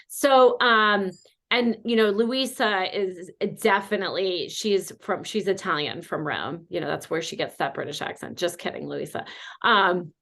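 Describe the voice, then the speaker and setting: A woman's voice: medium pitch, a bit bright. A woman from North Carolina hosting an online wine class, chatting casually with many fillers. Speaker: host. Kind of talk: casual chat.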